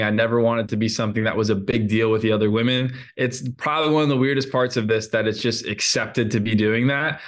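An earnest man, a guest in a relaxed interview, speaking openly in a mid-range voice for a man. He often restarts his sentences as he works through his thoughts. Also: mid-range voice. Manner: earnest, open, talks in restarts. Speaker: reality show lead, guest. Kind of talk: casual interview.

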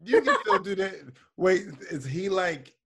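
A man's voice: high-pitched, sing-song, unhurried, fairly bright tone, husky. A young man hosting a podcast, teasing and joking with his guest in a loose, profane way. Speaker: podcast host. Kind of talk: casual chat.

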